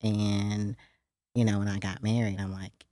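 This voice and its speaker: A middle-aged woman co-hosting a podcast, speaking in a measured, reflective way during candid casual conversation. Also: extremely low pitch, level tone, dark tone, no room sound, studio quality. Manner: measured and reflective, with frequent fillers. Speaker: podcast co-host.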